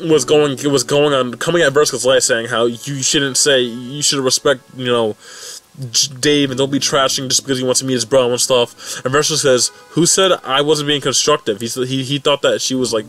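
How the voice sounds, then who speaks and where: A young man casually recapping and reacting to a webcomic update, rambling and excitable with many restarts. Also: mid-range voice, moderate pace, soft background music. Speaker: fan recap vlogger.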